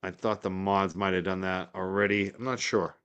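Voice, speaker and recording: A man's voice: deep voice, steady tone, normal speed, a bit bright, smooth, dull audio. A man from the North Shore of Massachusetts with its accent, hosting a casual livestream in a rambling, chatty way with lots of fillers. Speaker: livestream host.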